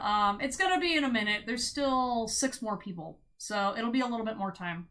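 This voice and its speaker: Young female tarot streamer, casual and giggly, bright slightly high voice. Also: lively intonation, fairly quick, few pauses. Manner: bubbly, giggly, exclaims loudly, many "like"s.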